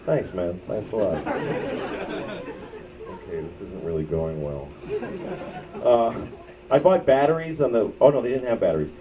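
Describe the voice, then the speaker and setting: A man's voice: lowish voice, lively intonation, moderate pace. A man doing a stand-up comedy set in a club, rambling through crude, self-mocking stories. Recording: muffled bootleg audio from far off, with crowd and noise. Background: audience laughter.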